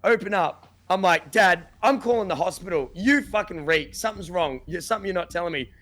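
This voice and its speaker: Young man telling a rowdy story, bright voice. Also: sits high, a little fast. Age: young adult. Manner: animated storyteller, acts out quotes, swears, laughs. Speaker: podcast guest. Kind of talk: casual chat, storytelling.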